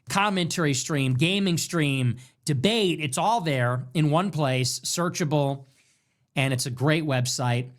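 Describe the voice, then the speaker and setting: A young man hosting his own livestream, ranting and joking sarcastically about the news. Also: mid-range voice. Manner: mocking, joking, rants. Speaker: political streamer host.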